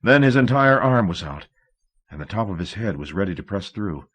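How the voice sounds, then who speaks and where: A man narrating a novel in a measured, steady audiobook reading. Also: fairly low pitch, breathy edge.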